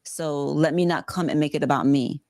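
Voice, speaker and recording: A woman from the Bronx, a podcast guest telling a personal story in casual talk, animated and swearing freely. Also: low-pitched, moderate pace, no room sound. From the Bronx, New York.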